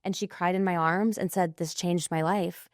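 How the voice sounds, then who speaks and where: Animated woman telling a story. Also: fairly low pitch, normal speed, no echo, studio quality. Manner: animated storyteller, acting out quoted voices, dropping to whispers. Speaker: intuitive coach, guest. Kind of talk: storytelling in an interview.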